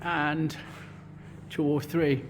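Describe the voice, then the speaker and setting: With a fairly high pitch, little pitch movement and drawn-out words, a man describes his metalwork in a casual workshop vlog over slight background noise. The metal fabricator talks bluntly, swears a lot, and gets out of breath at points.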